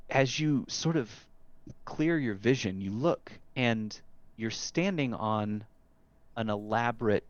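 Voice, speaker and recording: A man narrating a tabletop horror game as game master, describing scenes in the second person with halting restarts. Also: fairly low pitch. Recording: dull lo-fi recording with faint hiss.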